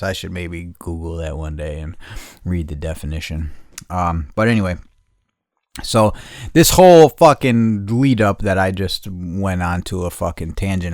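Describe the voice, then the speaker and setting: A low-voiced man hosts his podcast from outside, ranting casually with blunt, defiant swearing. He wanders into tangents and restarts his thoughts. The sound is dry and close, with almost no room echo. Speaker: podcast host. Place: outdoors in the heat.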